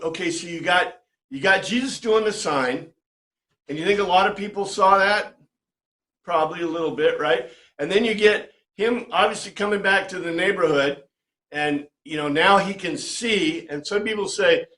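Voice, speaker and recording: A man with a voice that sits high teaches an informal Bible study class, speaking in a conversational, animated way and frequently checking in with "right?". The sound is roomy.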